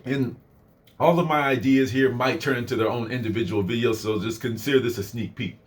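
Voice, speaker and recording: A man's voice: medium pitch, a little fast. A young man casually telling a personal story in a rambling way, full of fillers and asides. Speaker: vlogger.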